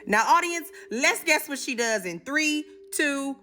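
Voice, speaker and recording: A sassy woman retelling a story for laughs, full of slang and asides to her viewers. Her voice is high and bright, and her pitch swings widely. Faint music plays underneath. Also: animated, a little slow. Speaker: comedy recap host. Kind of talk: casual comedic recap.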